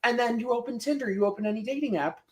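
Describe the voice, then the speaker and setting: A man's voice: very high-pitched, very fast. A man appearing as guest co-host on a live show, talking casually with sarcastic, ranting energy. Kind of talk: casual live-stream chat.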